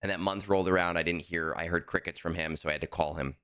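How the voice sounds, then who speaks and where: Deep bright-voiced man telling a story. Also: fast talker, clean tone. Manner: animated storytelling, emphatic. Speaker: podcast co-host. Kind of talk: casual chat.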